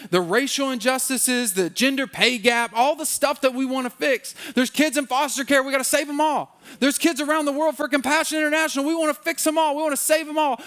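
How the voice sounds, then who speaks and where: Preaching in a church, this pastor keeps his sermon conversational, breaking into quick acted-out asides and sinking to a soft, low voice for prayer.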